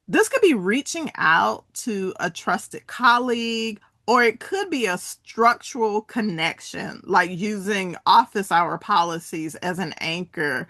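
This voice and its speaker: A woman's voice: mid-range voice, a bit bright, no echo, clean studio sound. A middle-aged woman presenting a wellness workshop, walking listeners through exercises and asking them to repeat phrases with her. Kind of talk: interactive wellness talk.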